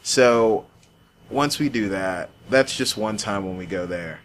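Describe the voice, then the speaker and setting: A man in his twenties with a fairly low voice chats casually with an old friend. He tells stories with lively energy, restarts his sentences often, and swears in passing. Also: slow, slight background noise. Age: 20s. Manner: animated storyteller, swears casually, many restarts. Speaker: podcast host.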